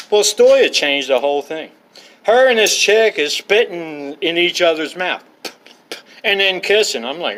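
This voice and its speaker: A man's voice: high voice, animated, measured pace, a bit bright. A man telling blunt, profane personal stories in a rambling, digressive way, often losing his thread. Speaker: storyteller.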